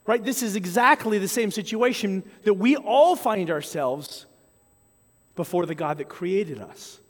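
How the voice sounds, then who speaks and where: A high-pitched male pastor delivers an earnest, measured sermon. He slips into sample apologies and prayers to show his point. A long hall reverb trails behind his voice. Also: animated.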